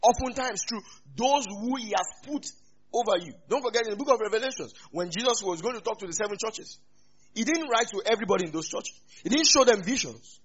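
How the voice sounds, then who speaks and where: Nigerian male pastor, husky, fairly high voice, animated sermon, dull lo-fi recording. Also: fairly quick. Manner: animated preaching with sudden loud rises and laughs.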